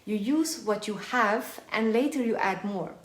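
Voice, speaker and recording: A woman's mid-range voice moves at a measured pace as she teaches belly dance live online. Full of energy, she counts out and sings rhythms mid-dance, her voice fading in and out as she shifts toward and away from the microphone. Faint music plays in an echoey space.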